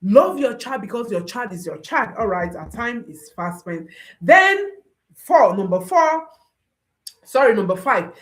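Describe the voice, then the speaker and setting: A woman parenting coach giving a motivational talk, emphatic and repeating her key phrases like refrains. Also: medium pitch. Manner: rises and drops sharply for emphasis.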